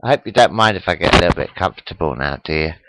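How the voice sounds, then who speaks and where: A man's voice: low voice, lively intonation, gravelly, very noisy. A man in his forties talking to his webcam at home, upset and shocked, rambling and repeating himself while asking the viewer questions. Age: 40s. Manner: slow, repetitive, asks the viewer questions. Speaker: webcam vlogger. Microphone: webcam microphone.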